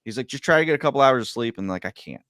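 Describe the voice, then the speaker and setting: Guy rambling thru a story on a podcast, mid-pitched, dry close sound, lots of like and you know. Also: racing, dry recording. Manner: rambling, stumbling over words, lots of fillers; animated, swings between loud and quiet. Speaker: podcast guest. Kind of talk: casual storytelling chat.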